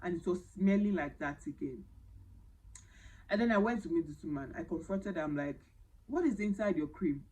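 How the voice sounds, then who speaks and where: A woman with a Nigerian accent telling a personal story to camera, animated and dramatic, slipping into Pidgin phrases. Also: on the low side, normal speed, low-quality recording. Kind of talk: casual storytime.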